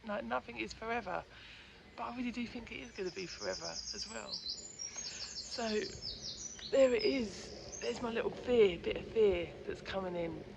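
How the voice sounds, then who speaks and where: A woman's voice: medium pitch, normal speed, creaky, noisy background. A woman vlogging in a chatty, effusive way, thinking aloud and often dropping to a near-whisper. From Peckham, London. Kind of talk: casual vlog talk to camera.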